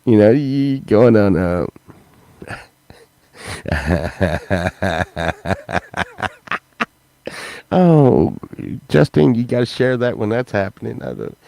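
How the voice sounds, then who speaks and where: A man's voice: fairly low pitch, expressive, extremely slow, vocal fry, pauses often, mellow. A man talking casually to his viewers in a rambling vlog, repeating himself and breaking into laughter. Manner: rambling, repetitive, laughs mid-sentence. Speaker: YouTube vlogger.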